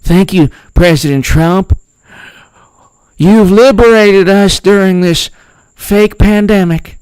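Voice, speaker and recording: A man voicing a caricature of a gullible Southern supporter in an exaggerated, high, hick drawl. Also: slow pace, darkish tone, clear, resonant tone, dry recording. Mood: mocking.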